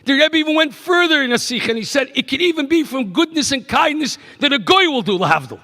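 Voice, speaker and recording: A middle-aged man, a rabbi giving a keynote address, telling stories in an animated way that swings from hushed to emphatic. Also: extremely high pitch, quick pace. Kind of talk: storytelling speech. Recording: echoey banquet hall PA.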